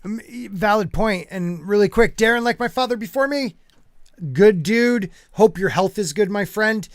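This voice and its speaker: Male podcast host, high-pitched and loose, casual fan chat, dry close mic. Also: normal speed, dry recording. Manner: loose and chatty, with many fillers and asides.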